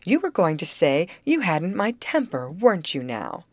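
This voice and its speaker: A woman's voice: low voice, sing-song, unhurried, no room sound, exaggerated voice. A woman doing snappish girl Molly. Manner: sharp, snappish. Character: Molly, quick-tempered outspoken teenage girl.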